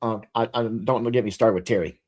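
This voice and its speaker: A man's voice: on the low side, a little fast. A man hosting a casual livestream chat, joking and filling with restarts. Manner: animated, jokey, many fillers and restarts. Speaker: livestream host.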